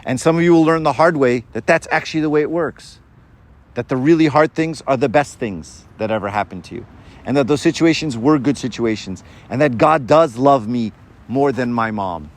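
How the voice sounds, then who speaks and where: A man with a mid-range voice, speaking at normal speed, gives an informal sermon to a group in a conversational way. He often checks in with "right?" and acts out the voices of people in his stories.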